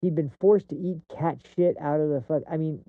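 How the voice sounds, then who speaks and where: A fairly high-pitched man talks a little fast as he hosts a podcast, giving a casual, rambling monologue off the cuff with lots of restarts and fillers and cursing when heated. There's no echo; the audio is dry and tinny, like a phone line.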